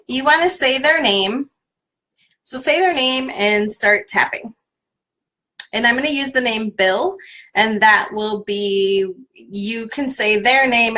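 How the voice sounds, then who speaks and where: A woman's voice: mid-range voice, fairly bright tone, rough recording. A woman coach guiding listeners through a tapping exercise on a live stream, repeating a name again and again for them to follow.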